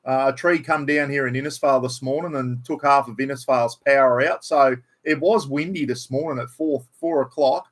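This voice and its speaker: A man's voice: mid-range voice, moderate pace, few pauses, fairly bright tone. Laid-back Australian man on a livestream. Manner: laid-back, swears casually, reads out viewer names. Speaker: livestream host. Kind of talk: casual livestream chat. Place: at home indoors. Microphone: computer livestream.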